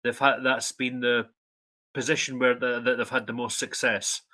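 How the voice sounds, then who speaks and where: A Scottish man acting as the resident expert on a casual music podcast, explaining things in a relaxed way. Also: mid-range voice, normal speed. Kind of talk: casual chat.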